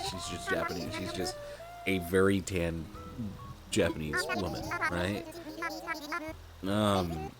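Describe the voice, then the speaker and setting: A man's voice: deep voice, a little slow, long pauses. A man streaming and chatting casually, rambling and profane, laughing often. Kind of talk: casual chat while gaming. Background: music.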